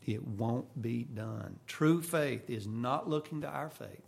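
A male preacher delivers his sermon with a gravelly edge to his voice. He speaks slowly and deliberately, earnest throughout. He swings between loud emphasis and quiet, firm lines. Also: mid-range voice.

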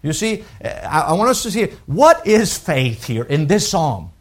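A man preaching a sermon with emphatic swings from loud declarations to hushed, drawn-out lines, repeating words as he works through a thought. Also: on the high side, very animated. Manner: unhurried, deliberate, with pauses and repeated words. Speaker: pastor.

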